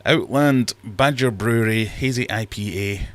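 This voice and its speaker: A man's voice: fairly low pitch, measured pace, no room sound. A man hosting a casual livestream from his fish room, rambling and self-deprecating as he reads chat aloud. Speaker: livestream host.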